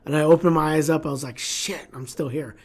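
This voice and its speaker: A middle-aged man on a casual livestream, his voice sitting a bit high for a man. He talks bluntly and swears easily, acting out the voices in his head as he tells a story. Then he turns to plain business advice for his viewers. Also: steady tone, fast, darkish tone. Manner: blunt, profane, storytelling with acted inner dialogue.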